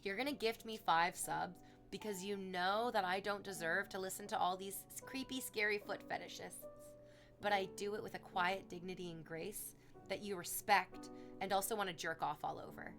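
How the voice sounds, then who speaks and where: A woman's voice: moderate pace, faint music behind. A young woman streaming, chatting casually with viewers in a rambling, self-mocking way. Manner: rambling and self-mocking, bursts into high squealing excitement over gifted subs.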